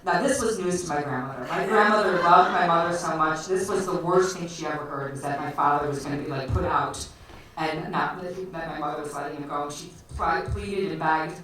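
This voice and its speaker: A woman's voice: low voice, a little fast, few pauses, a bit bright. Chatty woman telling a story live. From Chicago area. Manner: chatty, laughs often, many fillers. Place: storytelling night at a bar venue. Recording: echoey live room, distant mic, faint noise.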